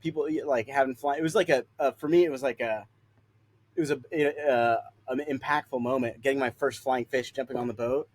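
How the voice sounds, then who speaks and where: A man's voice: medium pitch, steady tone, a little fast. A young man, a solo sailor guest on a podcast, talking in a laid-back way and laughing easily. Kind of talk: casual conversation. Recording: faint background noise.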